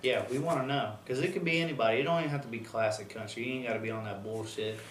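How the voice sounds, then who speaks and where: A man's voice: medium pitch, very fast. Laid-back man, slangy chat. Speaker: podcast co-host. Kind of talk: casual chat. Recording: echoey room, mic at a distance, faint noise.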